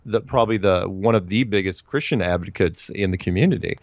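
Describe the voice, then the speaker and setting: A man's voice: deep voice, fairly quick, dry recording, muffled recording. A man guest in a casual interview, telling his story with lots of restarts and acted-out quotes. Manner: animated, acts out quoted voices, frequent restarts.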